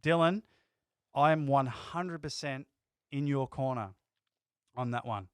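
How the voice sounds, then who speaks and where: A man's voice: mid-range voice, unhurried, clean tone, no echo. A man co-hosting a casual livestream chat, arguing his points emphatically. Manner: emphatic, argumentative. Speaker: livestream co-host.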